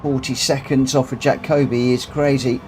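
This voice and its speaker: A middle-aged man talks through his racing game live stream in an easygoing, meandering way, repeating phrases as he reads out lap times and placings. His voice sits at an ordinary, mid-range pitch for a man. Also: normal speed, background noise. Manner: relaxed, rambling, repeats phrases, reads results aloud.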